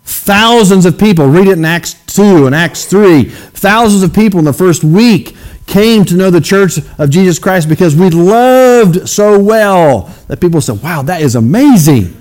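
Man preaching a relaxed sermon. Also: high-pitched, a little slow. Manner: conversational preaching, frequent "okay?" check-ins with the congregation. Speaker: pastor. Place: church sanctuary.

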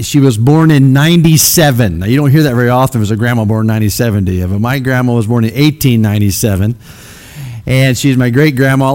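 A man's voice: medium pitch, a little mellow. A middle-aged man from Missouri giving a folksy storytelling talk to a church audience, rambling and self-deprecating with many fillers.

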